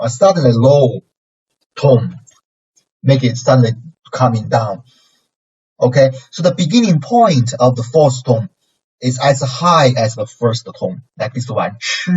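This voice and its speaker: Through a distant lo-fi mic with a dull sound, a man speaks at medium pitch in a slightly rough, somewhat mellow voice. He has a Chinese accent and is giving a pronunciation lesson, repeating syllables patiently with exaggerated tones.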